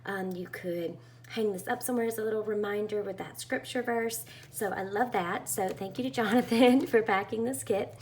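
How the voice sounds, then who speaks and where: A woman's voice: mid-range voice, normal speed, a little mellow, slight background noise. A woman chatting casually as she unboxes a craft kit, gushing and full of fillers. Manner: bubbly and gushing, with many fillers. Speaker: craft vlogger.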